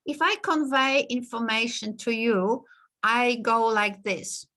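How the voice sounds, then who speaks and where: A woman teaching a class over a video call, explaining in a lively, conversational way with frequent laughs. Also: a little high, slow pace. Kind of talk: online lecture.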